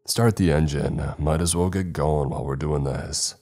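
A man playing a stern, deep-voiced captain. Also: moderate pace, a little mellow, faint music behind. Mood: commanding. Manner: commanding, curt. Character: stern male spaceship captain.

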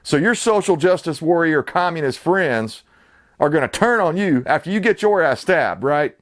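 A man's voice: fairly high pitch, animated, moderate pace. A man hosting his own channel, ranting with sarcastic, indignant, rambling commentary. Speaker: channel host.

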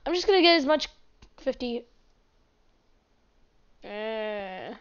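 High-voiced excitable woman gaming commentator. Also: slow, clean tone, muffled recording. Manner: excitable, chatty, breaks into shouts and apologies. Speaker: gaming channel host. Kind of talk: casual gameplay commentary.

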